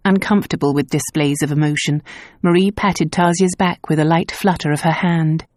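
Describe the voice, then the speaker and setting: A woman reading a novel aloud as an audiobook narrator, in a measured, even storytelling voice. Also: sits low, dry recording, clean studio sound. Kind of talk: scripted narration.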